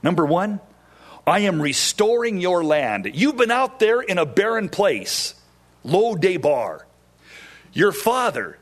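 A man preaching a sermon at an unhurried pace, with a lively voice that swoops high and then drops low. He sits a little higher than most men in pitch. He acts out the voices in his story and lingers on words for effect. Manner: animated, acts out quoted voices, sudden drops to low tones.

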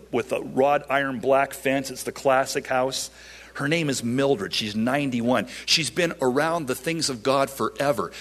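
Middle-aged pastor, mid-range voice, animated and stumbling over his words while telling a story. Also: medium pitch. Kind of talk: storytelling sermon.

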